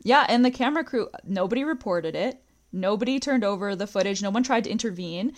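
A woman's voice: medium pitch, animated, fairly quick. A woman hosting a podcast, casually recapping a reality show, talking with lots of "like" and quoting scenes. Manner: chatty, recounts scenes with quoted lines, frequent "like". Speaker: podcast host.

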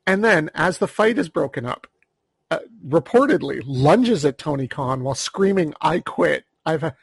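A man's voice: on the high side, animated, normal speed, gravelly, breathy edge, no echo. A man co-hosting a podcast, telling a story in a dry, sardonic way. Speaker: podcast co-host. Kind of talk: casual storytelling chat.

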